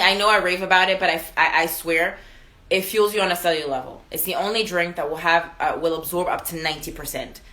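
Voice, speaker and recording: A young woman with a lowish voice hosts a casual live stream from home, chatting warmly with viewers, answering their comments and laughing often.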